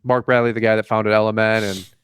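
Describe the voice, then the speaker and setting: A man's voice: lowish voice, flat delivery, fast talker, smooth, dry recording. Joking, laughing podcast host man. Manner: joking storyteller, acts out quoted exchanges; laughs often. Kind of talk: casual podcast chat.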